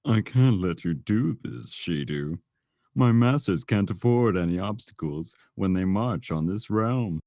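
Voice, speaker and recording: A woman voicing a cursed crocodile-headed dog creature with a sultry, slow, taunting female voice. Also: a bass voice, animated, mellow, dry recording, clean studio sound, pitched below the performer's own voice, full character voice. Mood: menacing.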